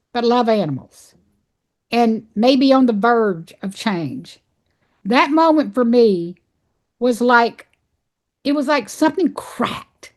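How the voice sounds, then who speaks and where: Earnest woman telling a heartfelt story. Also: a little high. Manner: earnest, heartfelt, many fillers and restarts. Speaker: podcast guest, animal sanctuary founder. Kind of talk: personal storytelling in conversation.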